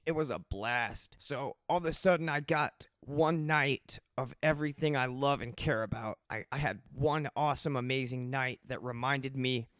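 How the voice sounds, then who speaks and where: A young man from Colorado, host of his own podcast, telling his recovery story in a rambling, animated monologue and acting out the voices of people in it. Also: medium pitch, clear, resonant tone, no room sound, clean studio sound.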